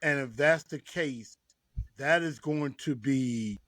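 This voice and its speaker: A man's voice: medium pitch, takes it slowly, a bit bright, dry recording. Easygoing man with a dry close sound. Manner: easygoing, leans on "you know". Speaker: podcast co-host. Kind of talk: casual sports chat.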